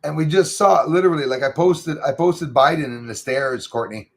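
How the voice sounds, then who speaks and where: A man's voice: a little high, brisk. A middle-aged man, chatting casually and rambling with lots of fillers as host of his livestream. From Canada. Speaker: channel host reading live chat.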